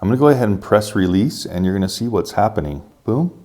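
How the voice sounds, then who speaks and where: Guy with a deep mellow voice walking you thru a drone setup, pretty excited. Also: quick pace. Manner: enthusiastic, talks viewers through each step. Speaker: tech reviewer. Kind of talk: casual product review.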